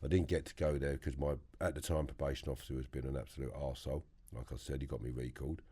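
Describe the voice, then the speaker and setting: A man with a London accent, a podcast guest telling animated prison stories, acting out other people's voices and swearing freely. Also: a bass voice, fast, breathy edge. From England. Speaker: interview guest. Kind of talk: storytelling interview. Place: podcast studio.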